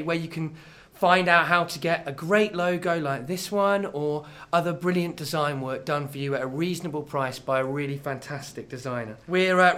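A man's voice: on the high side, sharp tone. A man hosting a comedy night, reading closing announcements with hesitant fillers. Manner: hurried plugs with filler ums.

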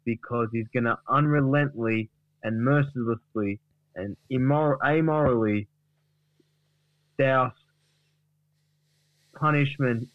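A man casually retelling a comedy bit on a podcast, halting and rambling. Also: medium pitch, no room sound, narrow, tinny audio. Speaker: podcast co-host.

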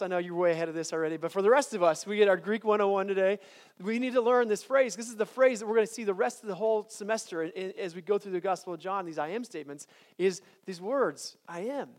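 High-voiced man preaching in chapel. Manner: conversational, repeats and restarts words, builds to emphatic declarations. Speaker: chapel speaker. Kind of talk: sermon.

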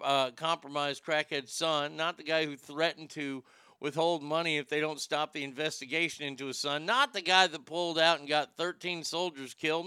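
A man's voice: on the high side, pushed and bright, smooth, dry recording. A man hosting a call-in show, talking bluntly with plenty of swearing and strong opinions. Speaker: radio show host. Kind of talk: casual call-in chat.

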